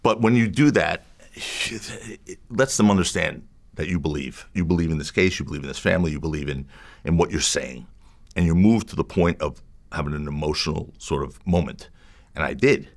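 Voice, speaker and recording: At normal speed, a defense lawyer with a very deep male voice tells a story as an interview guest. He's animated and emphatic, repeating phrases to push his point across.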